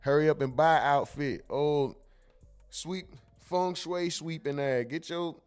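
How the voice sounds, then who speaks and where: A man's voice: a little high, slow pace, clear, resonant tone. A man hosting a casual livestream, chatting in slang and reading viewers' comments aloud over background music. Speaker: livestream host.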